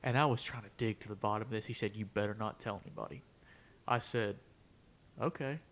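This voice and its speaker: A man's voice: fairly low pitch, brisk, fairly bright tone. A young man on a podcast, telling a long story in casual chat and acting out the quotes, dropping "bro" and "dude" often. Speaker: podcast co-host.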